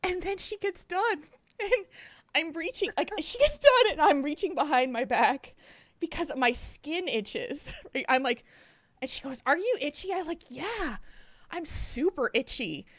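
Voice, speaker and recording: A woman's voice: high-pitched, animated, unhurried, dry recording. A woman co-hosting a podcast, telling a story in casual chat, often laughing through it and whispering when she quotes others. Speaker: podcast co-host.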